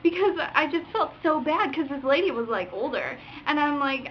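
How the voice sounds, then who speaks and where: A woman's voice: sits high, animated, moderate pace, few pauses. A young woman vlogger telling a driving story in a casual rant, acting out other drivers with sound effects and curses. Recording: dull lo-fi webcam audio with faint noise.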